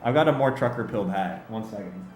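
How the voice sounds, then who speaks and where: A man's voice: lowish voice, expressive, fast talker. A man streaming a game, chatting casually with his viewers, laughing often and talking straight to them. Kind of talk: casual livestream chat and game commentary. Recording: echoey room with faint music.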